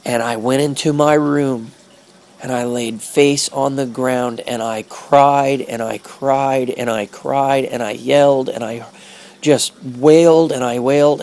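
A man recounts his faith testimony in an earnest, halting voice that sits in a middle pitch. He repeats himself and lets phrases stretch out slowly. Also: a little mellow. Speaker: speaker sharing a personal faith testimony. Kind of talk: emotional personal testimony storytelling.

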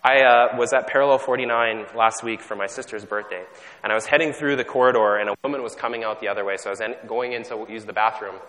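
A man's voice: on the low side, fairly even intonation, quick pace, fairly bright tone. A man from Canada preaching a sermon in a conversational, self-deprecating way, often restarting his sentences. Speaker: pastor. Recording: long hall reverb.

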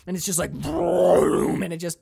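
A man hosting a casual chat about a film, excitable and swearing freely as he acts out scenes. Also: high voice, a little slow, creaky, very noisy.

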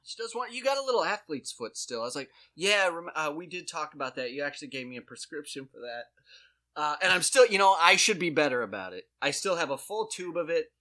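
A man's voice: fairly high pitch, very animated, a little fast, sharp tone. A man hosting a podcast, telling a funny story in casual chat. He laughs often and acts out the other people's voices as he goes. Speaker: podcast host.

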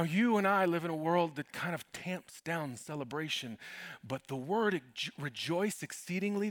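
A man pastor preaching a sermon in an animated, humorous way, calling out to the congregation. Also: a little high, no echo.

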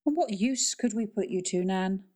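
A woman's voice: medium pitch, expressive, mellow, voice pushed up, close to an everyday voice. A woman reading a stern, guarded uncle. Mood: measured. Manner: measured, stern.

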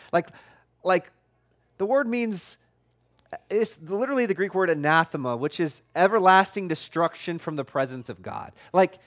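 A man preaching with a voice pitched a little higher than most men's. His talk is loose and conversational, full of "like", and he pushes his points bluntly with growing force. He sounds like a pastor talking straight to his congregation. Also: expressive, moderate pace, a bit bright. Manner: conversational and emphatic, heavy use of "like". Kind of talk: sermon.

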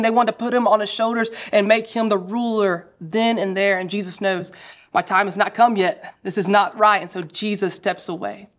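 Woman preaching, mid pitch, storytelling sermon, acts out the crowd bits. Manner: lively storytelling with quoted voices.

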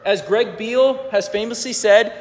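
High-voiced male pastor preaching. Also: moderate pace, long reverb tail. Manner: conversational, asks the congregation questions. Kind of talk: sermon.

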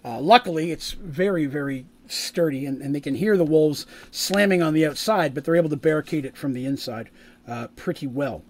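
Male game master, slightly high voice, rambly, filler-heavy, builds drama in narration. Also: brisk, darkish tone. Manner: rambling, with many fillers and restarts; rises in pitch and volume for dramatic scene-setting.

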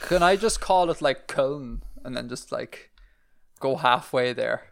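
Animated Irish man in casual chat. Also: medium pitch, unhurried, vocal fry. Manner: rambling, animated, self-deprecating. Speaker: podcast co-host.

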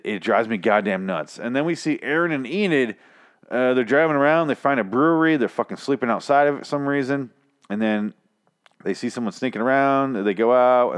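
A man's voice: mid-range voice, smooth. A man giving a rambling, sarcastic, profanity-filled recap of a TV episode, mocking the characters in silly voices. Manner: sarcastic, rambling, swears a lot. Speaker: show recapper.

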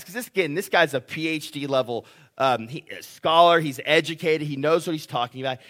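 A man's voice: on the high side, a bit bright. A man preaching a sermon in a conversational way, often restarting phrases and asking "right?". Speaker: pastor.

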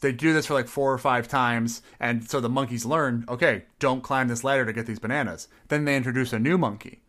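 Midwest guy gm, chill and sweary, normal pitched voice, laughs a lot. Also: fairly quick, hardly any pauses, a bit bright. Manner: loose, profane, laughing storyteller. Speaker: game master. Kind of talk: casual tabletop game chat.

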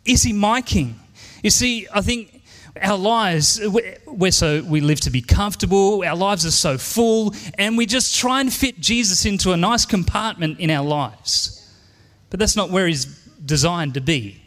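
A man's voice: high voice, expressive, measured pace, hardly any pauses, a bit bright, big-room sound. An Australian man in his forties preaching a sermon in church, earnest and emphatic, repeating his key lines. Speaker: pastor.

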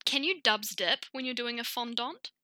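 A woman's voice: fairly high pitch, moderate pace, crowd noise, rough recording. A woman co-hosting a podcast, chatting casually, giggling, swearing and acting out her own past remarks. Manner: giggly, swearing, quotes herself in animated asides. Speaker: podcast co-host. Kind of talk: casual chat.

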